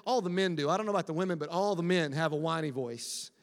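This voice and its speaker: High-voiced pastor in a reverberant hall. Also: male voice, fast talker. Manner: conversational, acts out quotes with a whiny voice. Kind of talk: sermon.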